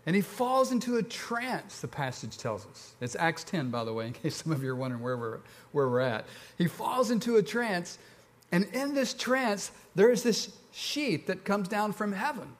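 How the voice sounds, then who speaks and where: A man with a Southern accent preaching a sermon, telling the story in a relaxed, conversational way with lively ups and downs. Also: high-pitched, normal speed. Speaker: pastor.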